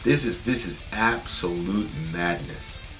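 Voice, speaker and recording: A man's voice: on the low side, slow pace, a bit bright, faint music behind. A man co-hosting a political talk show, venting in indignant, sarcastic bursts. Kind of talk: heated political commentary.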